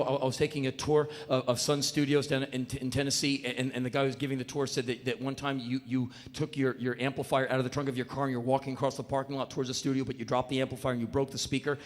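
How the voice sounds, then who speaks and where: A man performing a live spoken word monologue, telling a story in an intense, animated and profane way, often mocking himself. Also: medium pitch, fast, few pauses. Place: stage in a large venue. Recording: echoey live hall with faint noise.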